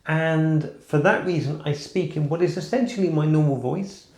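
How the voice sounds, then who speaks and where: A man in a casual vlog, talking in a measured, explanatory way while keeping to the upper part of his range. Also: fairly high pitch. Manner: measured, explanatory, softly raised register. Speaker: vlogger. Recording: echoey room.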